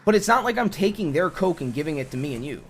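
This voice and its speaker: A man's voice: a little high, big pitch swings, quick pace, slight background noise. A man voicing an exasperated young man in an improvised game roleplay, pleading with his partner and tripping over his own restarts. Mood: frustrated. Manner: pleading, repeats himself, stumbles over restarts. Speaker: roleplay character.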